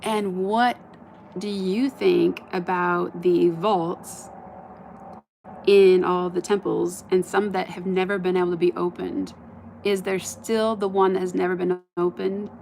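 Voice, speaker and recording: A woman live streaming outdoors at night into a phone on a stand, chatting in a bubbly way and often dropping to a soft murmur. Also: on the low side, flat delivery, measured pace, creaky, slight background noise. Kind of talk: casual live stream chat. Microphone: phone camera on a stand.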